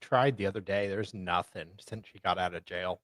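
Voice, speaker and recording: A man's voice: sits low, normal speed, a bit bright, no echo. A man co-hosting a podcast, making wry jokes in casual chat.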